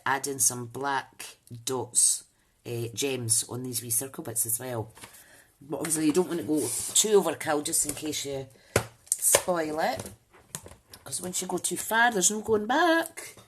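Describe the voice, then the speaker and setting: This crafting channel host has a very deep voice and speaks at a measured pace, with slight noise in the background. Running a live demo, she talks her way through each step in a chatty, wandering manner and welcomes viewers by name.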